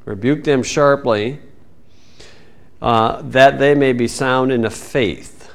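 A man teaching the Bible in a folksy sermon style, with sarcastic asides and mocking voices. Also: fairly high pitch.

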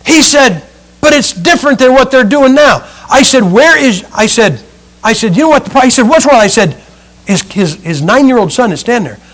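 A man preaching a sermon, emphatic, swinging between loud outbursts and hushed lines. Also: very high-pitched, expressive, a little fast.

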